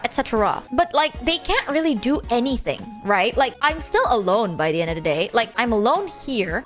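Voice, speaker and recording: A woman streamer telling stories in casual, slang-filled stream chat, animated and quick to jump between voices. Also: a little high.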